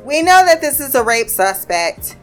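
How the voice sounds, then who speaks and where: A woman casually recapping a TV episode, animated and profane, acting out the characters' lines. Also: high-pitched, normal speed, faint music behind.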